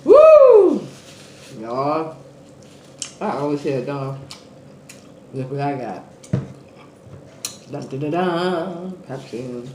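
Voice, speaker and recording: Slow-talking woman eating on camera, roomy echo. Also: a bass voice, a little mellow, a little hiss or hum. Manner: chatty, eating on camera, smacking and sighing. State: out of breath. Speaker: eating show host. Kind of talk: casual mukbang chat to viewers.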